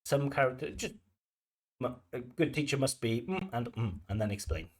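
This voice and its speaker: A man's voice: medium pitch, big pitch swings, normal speed. Guy breaking down an ielts speaking test, chatty and explaining, lots of you knows. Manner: explanatory, chatty, many "you know" fillers. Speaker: IELTS examiner giving feedback. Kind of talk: commentary on a recorded speaking test.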